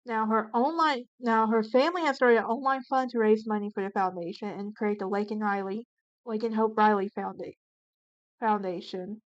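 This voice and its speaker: A woman with a fairly high voice narrates a true crime case as the channel's host. She reads from notes, stumbling and correcting herself often. The sound is dull and lo-fi, recorded dry with no room echo. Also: moderate pace. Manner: reads from notes with frequent restarts and self-corrections.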